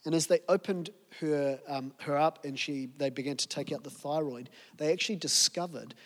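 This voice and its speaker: A pastor preaches a sermon, telling a story and firing off rhetorical questions. His voice is a little high and moves at normal speed, with the long reverb of a large hall around it.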